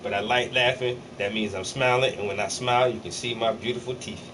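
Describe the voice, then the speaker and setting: A man's voice: mid-range voice, steady tone, fairly quick. A man painting on a livestream, bantering with his chat in a joking, profane, teasing way. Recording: slightly distant mic, faint air-conditioner hum.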